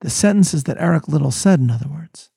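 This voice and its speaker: A man hosting a scripted Bible lesson, speaking in a measured, scholarly, sermon-like way. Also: fairly high pitch, animated, creaky, warm tone, breathy edge, no room sound, studio quality. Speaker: host and rabbi.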